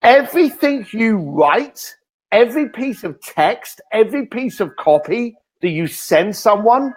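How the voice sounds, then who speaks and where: A man, a guest author in an interview, telling energetic stories and acting out the lines he quotes. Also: sits high, measured pace. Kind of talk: animated interview talk.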